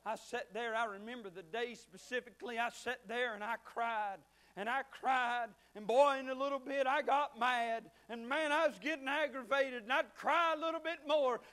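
A man preaching a sermon with fervent swings from shouting to hushed near-whispers, talking straight to his listeners. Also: extremely high pitch, steady tone, normal speed. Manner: conversational, addresses listeners as friend.

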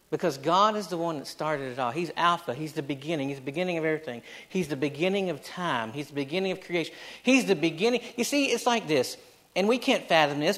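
A middle-aged man with a notably high voice delivers a sermon. He preaches emphatically, circling back on his phrases and putting rhetorical questions to his congregation. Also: fairly bright tone. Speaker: pastor.

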